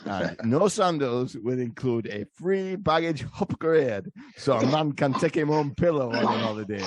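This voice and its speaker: A man putting on a patois voice as a male radio ad announcer with a slow, drawling sales pitch. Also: darkish tone, dry recording.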